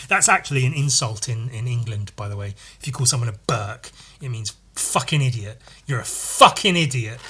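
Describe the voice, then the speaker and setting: Male podcast host with a bright, tense voice. Casual, profane and playful, riffing on his sketchbook. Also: mid-range voice, breathy edge. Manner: swears constantly, playful, jumps into loud goofy voices. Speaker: artist hosting a solo podcast. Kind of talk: casual rambling chat while sketching.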